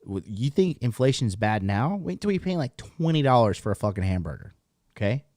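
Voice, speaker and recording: A man's voice: medium pitch, big pitch swings, a little fast, dark tone, dry recording, clean studio sound. A man in his thirties hosting a casual livestream, talking bluntly and profanely in a rambling way. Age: 30s. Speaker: podcast host.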